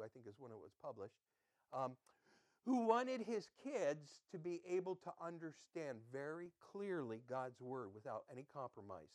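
A man's voice: mid-range voice, no echo, studio quality. A man pastor giving a conversational sermon, quizzing his listeners and chatting with them between readings.

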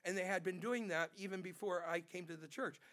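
High-voiced male pastor preaching animatedly. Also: fairly quick. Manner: animated preaching, acting out quotes, repeats words. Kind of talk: sermon.

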